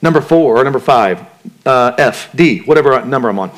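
In a medium-pitched, expressive voice, a male pastor preaches briskly and conversationally. He engages the congregation with questions and plays out the voices people hear in their heads.

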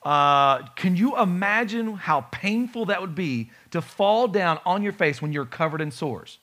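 A man preaching a sermon, animated and full of rhetorical questions to his congregation. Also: sits high, measured pace. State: has a bad knee. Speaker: pastor.

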